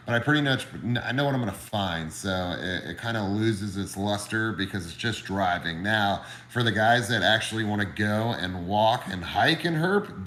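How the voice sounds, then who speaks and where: A man's voice: on the low side, fairly bright tone, echoey room. A man casually chatting on a livestream and reading viewer comments, laid-back, profane and friendly. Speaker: livestream host and reptile keeper.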